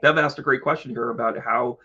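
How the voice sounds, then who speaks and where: A man's voice: mid-range voice, fairly even intonation, a little fast, sharp tone, slightly rough, lo-fi sound. A man hosting an astrology live stream, chatty and joking, talking to his viewers by name. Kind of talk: casual live stream chat.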